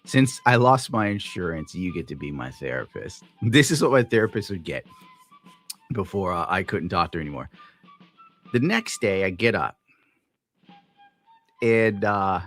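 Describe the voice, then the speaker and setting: Tired deep-voiced man ranting on stream. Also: expressive, normal speed, long pauses, a bit bright, faint music behind. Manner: profane, grumbling, wandering storytelling. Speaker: live streamer. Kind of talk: rambling livestream rant.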